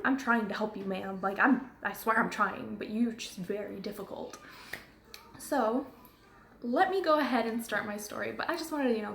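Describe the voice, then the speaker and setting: A woman's voice: mid-range voice, gravelly, a bit bright, reverberant, slight background noise. A woman who works as a phone customer service agent, ranting in a casual vlog. She talks in a chatty, rambling way with many fillers and asides.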